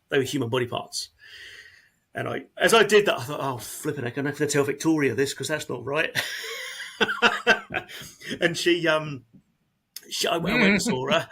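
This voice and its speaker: A man in emergency service speaking candidly in an interview, earnest and halting, often repeating words as he talks. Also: mid-range voice, fairly bright tone, slightly rough.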